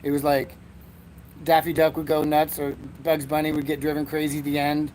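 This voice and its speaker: A man's voice: on the high side, monotone, brisk, a little mellow, slight background noise. Male host, meandering and self-mocking, recorded outdoors on a porch with faint ambience. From Erie, Pennsylvania, USA. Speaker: podcast host. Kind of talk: rambling solo comedy podcast.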